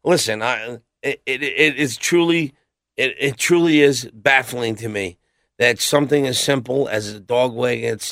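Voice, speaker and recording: A man's voice: medium pitch, a bit bright, no room sound, clean studio sound. A middle-aged man, a guest on a podcast, telling rambling, blunt stories and acting out what others said. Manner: blunt, rambling anecdotes with acted-out quotes. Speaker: podcast guest, metal singer. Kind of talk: casual storytelling interview.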